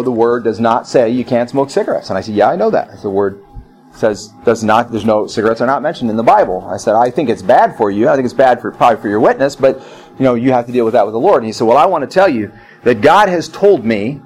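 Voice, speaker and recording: A man's voice: mid-range voice, a little mellow, rough recording. A middle-aged male pastor preaching a sermon, repeating phrases and telling personal stories.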